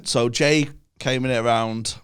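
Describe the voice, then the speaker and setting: A man's voice: medium pitch, steady tone, slow pace, a bit bright, smooth. A man in his thirties with a Manchester accent, a podcast guest telling bawdy stories and laughing mid-sentence. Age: 30s. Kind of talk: casual chat.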